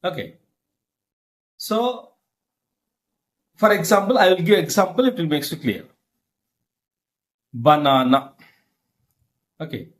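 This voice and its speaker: A middle-aged man, teaching slowly and repeating himself, often asking if the listener follows. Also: high-pitched, sing-song. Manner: slow, repetitive, checks understanding often. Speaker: English lecturer. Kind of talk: classroom-style teaching.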